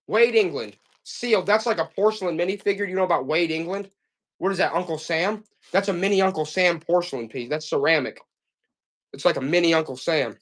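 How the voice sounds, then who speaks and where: A man's voice: a little high, a bit bright. Chatty, upbeat livestream seller man. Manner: chatty, repetitive hype talk to viewers. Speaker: live auction seller. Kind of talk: live-stream sales pitch.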